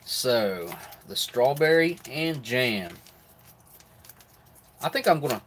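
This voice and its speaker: A man's voice: mid-range voice, expressive, slow, a bit bright, a little hiss or hum. A middle-aged man hosts a live stream, chatting casually about rations while eating, often with his mouth full. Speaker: live stream host reviewing military rations.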